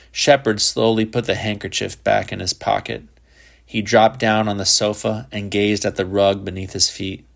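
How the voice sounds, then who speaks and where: A man reads literary fiction aloud in a low, measured voice. His storytelling is even and steady, steering clear of theatrics. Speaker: audiobook narrator. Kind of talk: literary audiobook narration.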